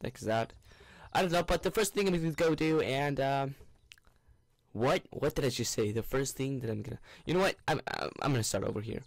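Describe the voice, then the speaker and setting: A man's voice: mid-range voice, expressive, fairly quick, no echo. A young man giving goofy, rambling commentary on a game he is playing, with bursts of panicked shrieks. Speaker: gaming YouTuber. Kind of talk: let's play commentary.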